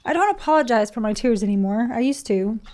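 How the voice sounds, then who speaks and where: A woman's voice: a little high, animated, quick pace, darkish tone, slight background noise. A woman chatting casually through an unboxing, emotional and gushing, near tears at times. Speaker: vlogger.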